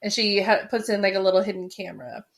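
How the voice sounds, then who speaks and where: A woman's voice: medium pitch, flat delivery, fast. A woman co-hosting a podcast, casually recapping a horror film in a chatty way with many fillers. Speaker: podcast co-host.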